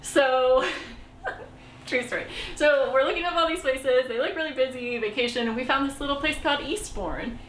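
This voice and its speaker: A woman's voice: high voice, moderate pace, fairly bright tone. A young woman telling travel stories in casual chat, laughing often. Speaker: travel vlogger. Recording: echoey room, faint background noise.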